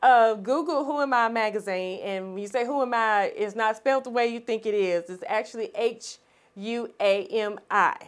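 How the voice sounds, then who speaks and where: A woman speaks as a guest on a podcast, with a voice that sits a little high for a woman. She tells her story in an animated, expressive way and laughs often. Her delivery is conversational and lively. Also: moderate pace, clear, resonant tone.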